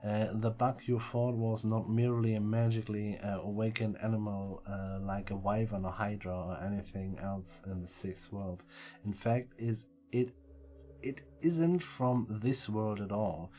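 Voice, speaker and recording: A man voicing a sly, lecturing male elf mage, reading the lines slowly in a plain low voice. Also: steady tone, warm tone, close to an everyday voice.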